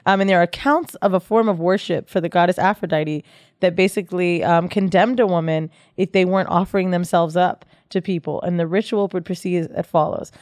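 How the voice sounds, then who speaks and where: A woman's voice: on the low side, fairly even intonation, brisk, darkish tone, no echo, studio quality. Swearing, laughing woman podcast co-host. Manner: reads facts aloud, laughs often, swears freely. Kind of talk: casual chat. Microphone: studio mic.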